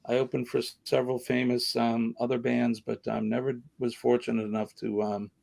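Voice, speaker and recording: A middle-aged man with a Boston accent hosts a casual livestream chat, rambling and poking fun at himself. His voice sits at medium pitch with a darkish tone and vocal fry, and his delivery is flat and brisk.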